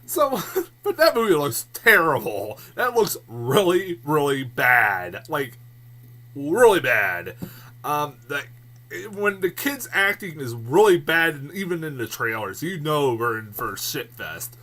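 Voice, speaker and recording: A man giving a casual, rambling movie review vlog, swearing freely, laughing often and getting loud and worked up. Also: fairly high pitch, very animated, a little slow.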